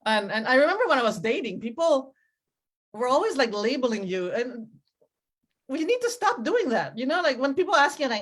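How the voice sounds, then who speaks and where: A woman's voice: high-pitched, very animated, a little fast, fairly bright tone. Giggly, rambling woman doing stand-up. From Cambodian family. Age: middle-aged. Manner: rambling, self-interrupting with giggles. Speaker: stand-up comedian. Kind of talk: stand-up set. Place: comedy club stage with audience.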